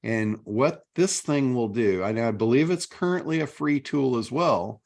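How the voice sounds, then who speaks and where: A middle-aged man chats casually as host of a talk show, his pitch sitting right in the middle range for a man. He tells stories with animated energy, slipping quoted lines into his talk. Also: measured pace, vocal fry. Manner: animated storytelling. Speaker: podcast host. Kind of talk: casual chat.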